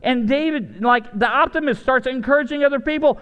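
High-voiced animated pastor in a hall. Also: male voice, brisk, clear, resonant tone. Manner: animated storytelling, shifts from excited highs to low asides. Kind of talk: lively sermon with acted-out voices. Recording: dull lo-fi church hall sound.

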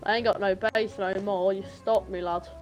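Sweary taunting teen lad. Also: male voice, high voice, little pitch movement, normal speed, faint music behind. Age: teens. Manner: sweary, taunting, calls everyone mate. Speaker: hostile player in a game. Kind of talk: trash-talking voice chat.

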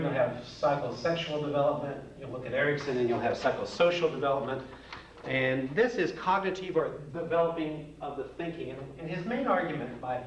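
A man teaching a psychology lecture in a folksy, joking way, with playful asides. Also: mid-range voice. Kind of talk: recorded classroom lecture. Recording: roomy, distant, dull lo-fi with faint hiss.

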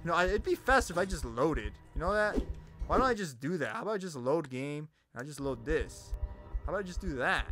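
Young guy swearing through a game, hoarse, bright sharp voice, music behind. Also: fairly high pitch, sing-song, fast talker. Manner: loud, swearing, talks to the monsters. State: voice getting hoarse. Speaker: gamer. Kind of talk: let's play commentary.

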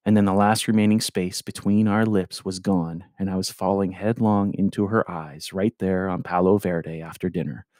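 A man reading a novel aloud in the first person, with expressive narration. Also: low-pitched, moderate pace, few pauses, dry recording, clean studio sound. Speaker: audiobook reader. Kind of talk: audiobook narration.

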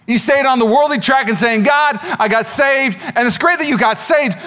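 A man who is a pastor, preaching an energetic sermon that swings from loud exclamations to quiet asides. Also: very high voice. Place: church.

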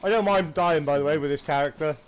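A man in casual voice chat while gaming, excitable and sweary, with bursts of shouting. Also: fairly high pitch, fast. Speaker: player. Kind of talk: casual gaming banter with friends.

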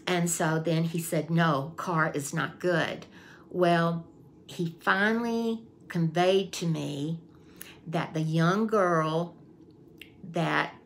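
Low gravelly woman telling a story, slow and chatty, repeats herself a lot. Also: a little hiss or hum. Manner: chatty, repeats herself, acts out her own past thoughts. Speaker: vlogger. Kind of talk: casual storytelling.

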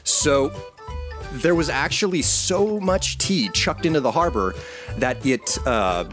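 A man's voice: a little high, animated, slow pace, over music. An American man chatting while playing a video game, hesitant and stumbling over his words. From United States. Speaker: co-player.

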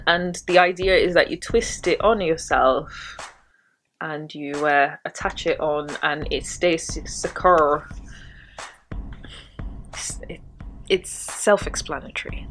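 A woman's voice: lowish voice, fairly bright tone, a little hiss or hum. A woman chatting casually about hair care tools, with rambling, self-deprecating asides. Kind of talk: casual chat.

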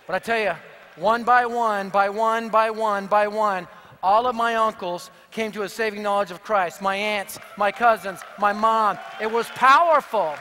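A high-pitched man delivers a sermon full of jokes and punchy stories. His voice is bright and carries force. It rings out with long reverb in a large hall. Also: normal speed, a faint crowd, a little hiss or hum. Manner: energetic, punchy, joking. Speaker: evangelist speaker. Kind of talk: sermon with humorous storytelling.

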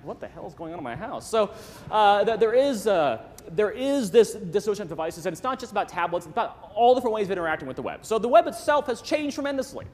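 A man giving a lively, joking conference talk on stage, restarting sentences often. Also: fairly high pitch. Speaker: conference speaker. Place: large conference hall. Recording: long hall reverb.

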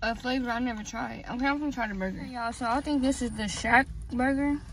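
A young woman talks straight to her viewers as she tastes and reviews fast food, chatty and relaxed, sometimes chewing mid-sentence. Her voice sits a bit high, with a faint hiss behind her. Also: poor audio. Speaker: food vlogger. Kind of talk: casual food review while eating.

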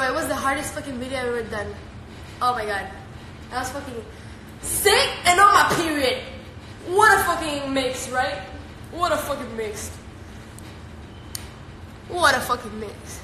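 Teenage girl streamer with a high voice, profane and playful, recorded on a phone in an echoey, noisy room. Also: moderate pace, long pauses. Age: teens. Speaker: live streamer. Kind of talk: casual live-stream chat reading viewer comments.

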